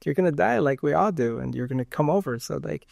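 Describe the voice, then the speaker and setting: A man's voice: on the high side, expressive, fast talker, vocal fry, darkish tone, no echo. Rambling guy on an interview, tells it with lots of "you know" and acts out the dialogue, dry close sound. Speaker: guest. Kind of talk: storytelling in a casual interview.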